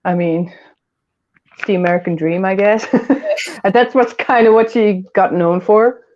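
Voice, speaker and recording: A woman's voice: mid-range voice, steady tone, moderate pace, dull audio, slight background noise. A woman hosting a casual livestream chat, rambling and giggling often as she talks. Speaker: host.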